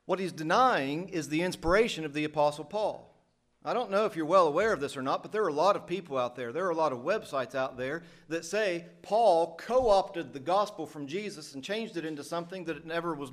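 A middle-aged man from the United States, preaching a sermon in an earnest, emphatic way. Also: fairly high pitch.

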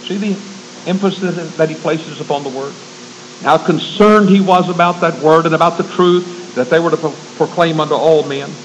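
An earnest man delivers a measured sermon, quoting scripture between his own remarks. His voice sits somewhat higher than most men's, and a faint ambient hum runs underneath. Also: muffled recording. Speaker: preacher.

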